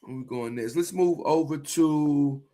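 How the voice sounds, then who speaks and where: A man teaching from the Bible in a livestream, earnest and repeating key phrases slowly for emphasis. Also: fairly high pitch, mellow.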